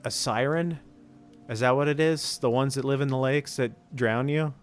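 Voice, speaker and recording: A man's voice: medium pitch, fairly even intonation, moderate pace, soft background music. A man streaming casually, bantering with his chat and joking at his own expense.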